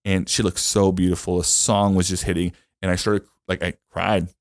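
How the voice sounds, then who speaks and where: A man's voice: low voice, little pitch movement, moderate pace, dry recording, studio quality. A young man hosting a podcast, telling a personal story in casual chat, full of fillers, restarts and the odd swear word. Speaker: podcast host.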